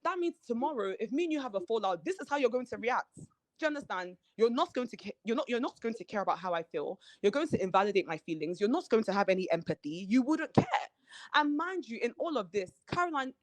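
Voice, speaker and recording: A woman, a reality show cast member telling her story in an animated way and acting out the quoted lines of the people in it. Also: on the high side, quick pace, dry recording. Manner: animated, acts out quoted dialogue. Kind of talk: candid podcast interview storytelling.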